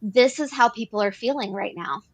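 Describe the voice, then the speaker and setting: A woman's voice: on the high side, normal speed, slightly rough. A woman co-hosting an advocacy talk show, explaining policy earnestly and repeating phrases as she works through points. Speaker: podcast co-host. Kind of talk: advocacy discussion.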